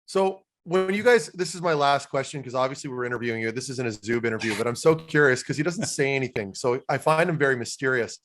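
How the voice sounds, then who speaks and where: A man's voice: medium pitch, fast, few pauses, a bit bright. A man co-hosting a podcast, chatty and joking, asking long rambling questions. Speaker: podcast co-host. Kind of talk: casual interview chat.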